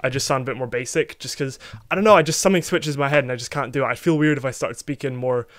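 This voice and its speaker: A man's voice: mid-range voice, racing, fairly bright tone, dry recording, clean studio sound. A young man from Scotland chatting casually as a music reaction host, rambling and self-mocking with plenty of fillers.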